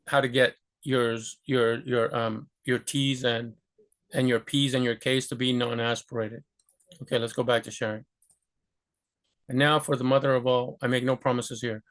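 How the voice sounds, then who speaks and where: A man's voice: mid-range voice, fairly bright tone. A man giving a casual pronunciation lesson, chatty and full of fillers, repeating words over and over to demonstrate. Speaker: language teacher.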